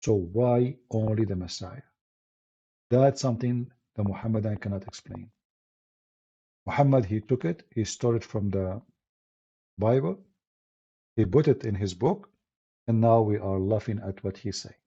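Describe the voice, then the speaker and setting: A man with an Arabic accent holds forth on a live stream in an emphatic, combative monologue, often breaking off and restarting his phrases. His voice is gravelly and husky, with a dark, mellow tone. The stream audio sounds dull and lo-fi. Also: on the low side, normal speed, long pauses. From Middle East. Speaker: apologist hosting a live stream.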